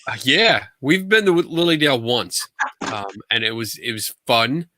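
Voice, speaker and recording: A man hosting a casual podcast chat with a guest, relaxed and joking with quick asides. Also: mid-range voice, no room sound. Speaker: podcast host.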